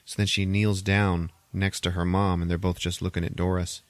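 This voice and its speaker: A man's voice: low-pitched, fairly even intonation, brisk, few pauses, no room sound. A man hosting a podcast, retelling a film plot in a rambling, profane, casual way full of filler words. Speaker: podcast host. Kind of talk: casual movie recap.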